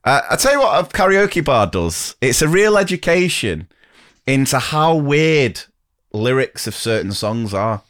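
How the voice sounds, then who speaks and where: A man's voice: medium pitch, unhurried. A man co-hosting a podcast and casually sharing enthusiastic stories about his travels. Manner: relaxed, enthusiastic anecdotes. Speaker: podcast co-host, teacher. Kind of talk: casual chat.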